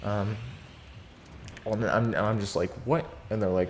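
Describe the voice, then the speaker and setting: In this casual vlog clip, a teenage boy of fourteen tells a meandering story packed with slang, filler words and false starts. He speaks at a normal speed in a fairly low voice, with a faint hiss or hum behind him.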